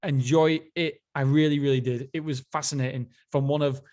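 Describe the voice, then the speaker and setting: A man's voice: mid-range voice, steady tone, fairly quick, a little mellow. Enthusiastic rambling man. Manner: enthusiastic, rambling, self-interrupting. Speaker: podcast host. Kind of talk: casual solo book review.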